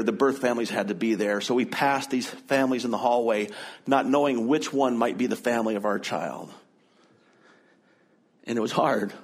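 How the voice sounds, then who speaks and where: A man's voice: medium pitch, a little mellow. A middle-aged man preaching, telling a personal story in an earnest, conversational way before moving into scripture. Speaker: pastor.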